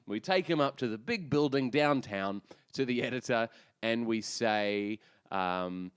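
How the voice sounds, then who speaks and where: A man's voice: mid-range voice, moderate pace, smooth, no echo, clean studio sound. A man co-hosting a casual comedy podcast, loose and jokey, laughing often. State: recovering from the flu. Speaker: podcast co-host. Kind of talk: casual chat.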